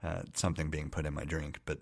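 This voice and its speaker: Male co-host, very deep and monotone, measured casual chat. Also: creaky, dry recording, studio quality. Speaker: podcast co-host.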